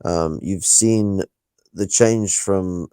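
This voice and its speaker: A man's voice: sits low, extremely slow, warm tone, smooth, no echo. An Irish man in casual political chat, rambling and swearing with lots of fillers. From Ireland. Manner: rambling, profane, many fillers.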